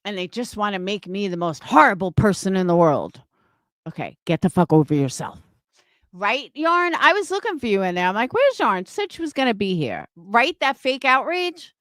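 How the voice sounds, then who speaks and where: A woman's voice: medium pitch, big pitch swings, moderate pace, a bit bright, dry recording, studio quality. Scornful, profane woman in her fifties. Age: 50s. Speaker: livestream host. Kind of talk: ranting livestream talk.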